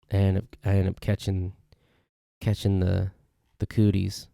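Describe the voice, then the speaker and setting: A man hosts a casual solo podcast in a deep, warm, creaky voice with a level tone, a measured pace, and long pauses. He tells rambling stories and often corrects himself, recorded on a podcast mic with clean studio sound and no room sound.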